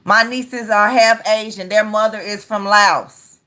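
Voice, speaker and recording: A woman's voice: mid-range voice, fairly even intonation, measured pace, bright, forceful tone. A woman hosting a reaction video, giving casual, emphatic commentary and repeating herself for effect.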